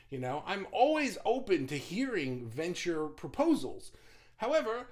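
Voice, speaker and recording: Animated, blunt middle-aged man. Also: fairly high pitch. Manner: animated, blunt, swears casually; frequent restarts and stumbles. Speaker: business owner. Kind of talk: casual motivational talk.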